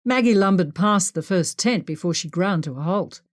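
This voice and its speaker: A woman narrating an adventure audiobook in a steady, clear storytelling voice. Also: on the low side, moderate pace. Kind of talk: scripted narration.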